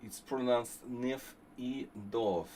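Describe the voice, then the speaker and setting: A man's voice: medium pitch, takes it slowly, dark tone, a little hiss or hum, rough recording. A man streaming a chess simul, thinking aloud through moves and bantering with chat in a wry, meandering way. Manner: muttering through move calculations, wry asides. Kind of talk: live chess commentary with chat.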